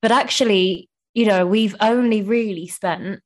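A young woman talks warmly and excitedly on her podcast, her speech full of "like" and quick restarts. Her voice sits at a middle pitch, and she sounds emotional and chatty. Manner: gushing, emotional, heavy use of "like". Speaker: podcast host. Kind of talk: casual chat.

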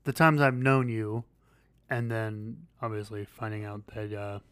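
A man co-hosting a podcast in casual chat, rambling and halting with many fillers and restarts. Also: on the low side, steady tone, a bit bright, clean tone, no echo. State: losing his voice. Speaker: podcast co-host.

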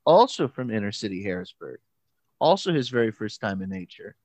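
A man's voice: lowish voice, dry recording. Chatty man telling a story in a dry room. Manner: animated, halting storyteller with many restarts and quoted voices. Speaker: pastor and camp counselor. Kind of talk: casual storytelling chat.

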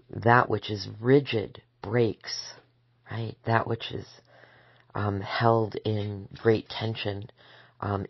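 Very slow gravelly woman, reflective. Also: extremely low pitch, dry recording, lo-fi sound. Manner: gentle, measured, drifts into soft whispers. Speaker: spiritual teacher. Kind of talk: slow reflective spoken essay.

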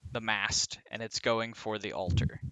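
A man's voice: lowish voice, unhurried, no echo. A man running a tabletop game as game master, narrating the action loosely with plenty of fillers and frequent laughter. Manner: laughs often, relaxed with many fillers.

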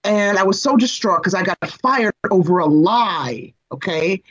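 A woman in her forties, an interview guest, telling a personal story in an expressive, animated way and speaking straight to the host. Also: medium pitch, a little slow, husky. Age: 40s. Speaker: guest, entertainment reporter and screenwriter. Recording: slightly dull lo-fi sound.

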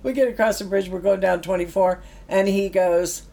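A woman's voice: medium pitch, fairly even intonation, moderate pace, vocal fry, mellow. A middle-aged woman, telling stories about her youth work in a chatty way, laughing now and then. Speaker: former youth project worker. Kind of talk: anecdotal storytelling.

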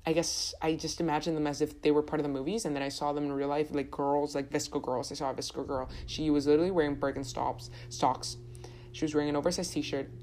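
Young woman w a low voice just rambling on her podcast, chatty, keeps restarting. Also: little pitch movement, quick pace, dark tone. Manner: rambling, chatty, self-correcting. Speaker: podcast host. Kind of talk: casual solo podcast chat.

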